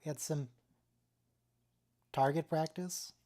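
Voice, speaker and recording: Deep-voiced woman with dry quips. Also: fairly even intonation, slow, warm tone. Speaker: watch-along participant. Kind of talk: casual chat. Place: home, over voice chat. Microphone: computer mic on a voice call.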